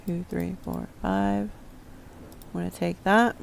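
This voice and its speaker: A woman's voice: fairly low pitch, fairly even intonation, slow, vocal fry, a little hiss or hum. A woman streamer chatting to herself as she plays, casual and prone to swearing under her breath. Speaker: game streamer. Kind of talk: casual gameplay commentary.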